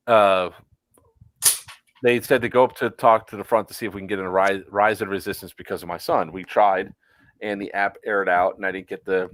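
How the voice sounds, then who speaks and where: A man's voice: low voice, fairly bright tone, dry recording, low-quality recording. A man co-hosting a casual chat, telling a story with many fillers and acted-out quotes. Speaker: podcast co-host.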